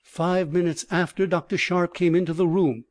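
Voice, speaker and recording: Brief: male audiobook reader, slightly high voice, dry close recording. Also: steady tone, normal speed, no echo. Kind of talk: first-person audiobook narration.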